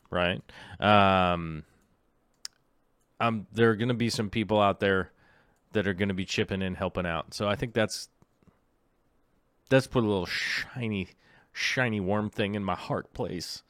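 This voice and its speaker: A man's voice: lowish voice, lively intonation, measured pace, a bit bright, no echo, studio quality. A middle-aged man hosting a live stream, chatting casually and rambling with lots of fillers and jokes. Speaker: livestream host.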